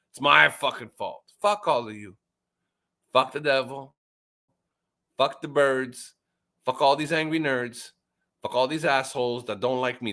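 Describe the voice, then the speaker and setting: A man in a casual group chat, ranting loudly with constant swearing and stammered repeats, his pitch jumping whenever he gets riled up. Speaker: chat participant. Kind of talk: casual profane rant.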